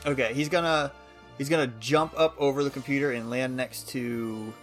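A man's voice: mid-range voice, fairly even intonation, normal speed, a bit bright, soft background music. A man playing a tabletop role-playing game, casual and laughing often. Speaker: player.

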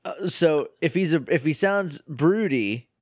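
A man's voice: no echo, studio quality. A man co-hosting a podcast, chatting casually and joking playfully. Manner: playful and quick to joke, with bursts of excited pitch. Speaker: podcast co-host. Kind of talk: casual chat.

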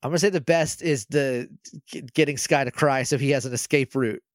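A man co-hosting a casual podcast, retelling an episode in an animated, chatty way full of "like.". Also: mid-range voice, brisk, dry recording, studio quality. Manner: animated, chatty, heavy use of "like", acts out quoted lines. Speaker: podcast co-host.

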